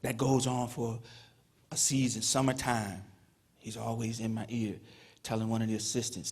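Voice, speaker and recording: A man from Petersburg, Virginia, delivers a Hall of Fame induction speech to an audience in a ceremony hall, telling stories conversationally and saying "you know" a lot. His mid-range voice is darkish, fairly quick and shows little pitch movement.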